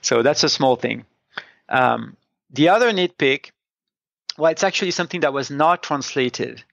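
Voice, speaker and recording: A man's voice: medium pitch, animated, moderate pace, creaky, a bit bright, no room sound. A man from France, a native French speaker, co-hosting a casual comics review podcast and explaining points thoughtfully, with many restarts. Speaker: podcast co-host. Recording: dull, dry sound.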